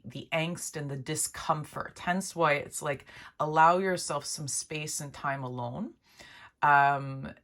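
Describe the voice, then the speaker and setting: A woman giving a spiritual pick-a-card reading, speaking gently and haltingly with many restarts and a heartfelt, emotional tone. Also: low-pitched. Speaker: intuitive card reader.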